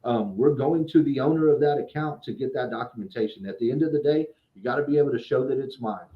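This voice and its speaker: A man's voice: medium pitch, fast talker, reverberant, highs cut off. A man in casual podcast chat, a credit repair specialist explaining things at length, often restarting and repeating words.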